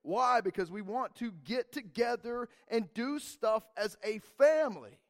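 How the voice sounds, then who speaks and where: A young man, a church youth leader, telling a rambling, animated story to a group and saying man and dude a lot. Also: very high voice, measured pace.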